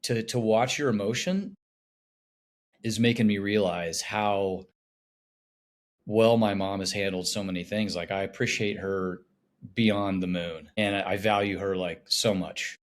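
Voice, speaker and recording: A man in his thirties talking on a podcast in an animated, emotional way, often laughing. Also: fairly low pitch, measured pace. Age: 30s.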